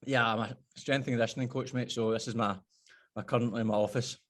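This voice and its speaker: A man's voice: mid-range voice, fairly even intonation, quick pace, a bit bright. A man with a Scottish accent co-hosting a podcast from a gym, bantering bluntly. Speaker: podcast co-host, strength coach. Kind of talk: casual podcast chat.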